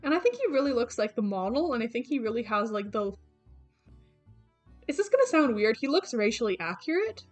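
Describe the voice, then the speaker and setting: A young woman with a slightly high voice rambles casually as she talks through her sketchbook pages. She chatters along with frequent fillers and restarts, and soft game music plays faintly underneath. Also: very animated, fairly quick. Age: young adult. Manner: chatty, rambling, lots of fillers and self-corrections. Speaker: artist vlogger. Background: background game music.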